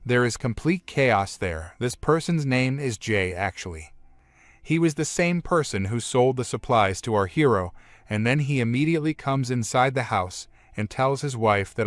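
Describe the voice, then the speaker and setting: Guy doing a story recap, plain retelling, average pitch, dry sound. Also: expressive, moderate pace, no room sound. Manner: plain retelling in the present tense. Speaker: narrator.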